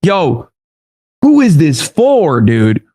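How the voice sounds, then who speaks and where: A man with a fairly high voice reacts on a stream in blunt, profane casual chat. He laughs often and speaks bluntly. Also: wildly swooping pitch, very slow, dark tone, slightly rough.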